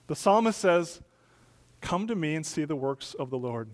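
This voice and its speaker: A man's voice: fairly high pitch, expressive, normal speed. Emphatic male pastor preaching. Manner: emphatic, rising to loud peaks then dropping soft. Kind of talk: sermon.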